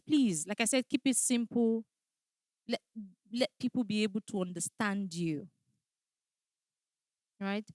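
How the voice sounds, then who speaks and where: A woman's voice: medium pitch, no echo. A woman teaching a customer service training class, speaking emphatically and often checking in with "all right?". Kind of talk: training lecture.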